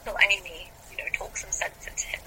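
A woman's voice: on the low side, steady tone, brisk, background noise. A woman guest on a podcast, thoughtfully making long points about books in casual discussion.

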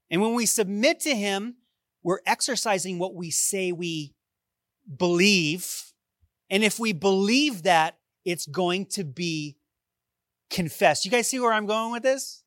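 A man preaching a sermon, reading scripture and moving between loud, urgent lines and hushed ones. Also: high voice, dry recording. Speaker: pastor.

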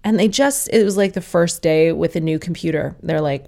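Young woman, lowish gravelly voice, casual storyteller who swears freely and acts out the people she quotes. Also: a little fast, dark tone. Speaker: mother telling a personal story.

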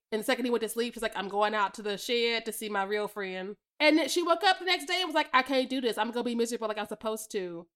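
High bright woman cohost, lots of laughing, tells it like a story. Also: clean tone. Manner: laughs often, relaxed storytelling with quoted reactions. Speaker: podcast co-host. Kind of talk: casual chat reviewing a film.

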